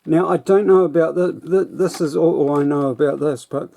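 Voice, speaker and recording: A man's voice: a little high, normal speed, creaky, warm tone. A man casually reviewing a toy set in a rambling, self-deprecating way.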